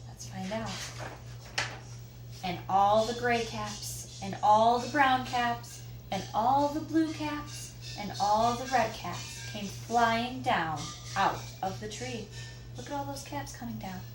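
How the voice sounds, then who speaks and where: A woman reading picture books aloud to children, expressive and asking listeners questions. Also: fairly high pitch, slow pace, over music. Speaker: children's story reader. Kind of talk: picture book read-aloud. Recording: roomy echo, faint background noise.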